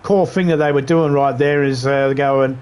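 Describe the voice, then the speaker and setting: A man's voice: mid-range voice, fairly even intonation, moderate pace, a little mellow, clean tone. A man streaming a video game live, riffing in crude, rambling banter and laughing at his own jokes.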